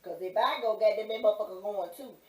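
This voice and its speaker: A woman's voice: mid-range voice, quick pace, recorded from a distance. Brash cussing Southern woman, off-mic. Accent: Mississippi Southern. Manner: brash, cussing, animated retelling. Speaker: pastor's partner, co-host. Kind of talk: loud profane storytelling. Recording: echoey room, off-mic.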